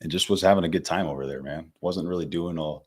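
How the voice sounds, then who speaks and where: A man's voice: low voice, quick pace, a little mellow, slightly rough. A man in his twenties from California, a podcast guest telling stories in a laid-back, slangy way, calling the host man and bro. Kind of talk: casual storytelling interview.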